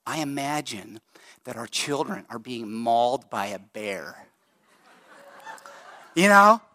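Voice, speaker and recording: A middle-aged male pastor preaching a sermon in a conversational, animated way, speeding up and slowing down for emphasis. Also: mid-range voice, dry recording, clean studio sound, a faint crowd. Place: church sanctuary.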